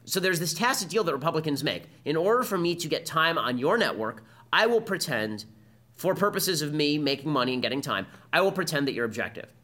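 A man with a fairly high, animated, sharp-toned voice hosts a podcast. He delivers combative political commentary as a fast-talking monologue.

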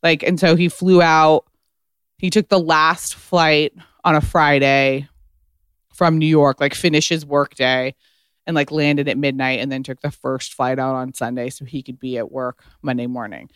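A woman guest spills a story in a loose, animated podcast chat, leaning on "like" constantly. Her tone is smooth and resonant. The sound is dry and close, with no room echo. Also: sits low, a little slow. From United States. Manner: chatty, heavy use of "like", animated retelling.

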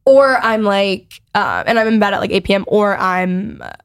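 A woman in her twenties from Texas with a Valley Girl accent, hosting a podcast in loud, chatty casual talk full of "like". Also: medium pitch, moderate pace, clean tone. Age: 20s. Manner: chatty, says like a lot, lively. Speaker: podcast host. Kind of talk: casual chat.

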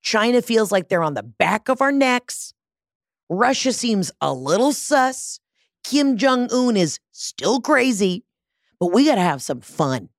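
A woman's voice: on the high side, very animated, a little slow, no echo. A woman, hosting her own podcast in a brash, profane, rambling comedic monologue, speaking into a studio mic. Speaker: podcast host. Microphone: studio mic with large headphones.

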